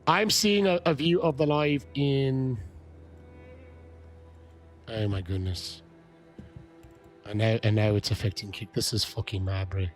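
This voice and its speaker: A man live-streaming a game, chatting with viewers, shouting excited greetings and swearing. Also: mid-range voice, unhurried, long pauses, soft background music. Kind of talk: live-stream chat while gaming.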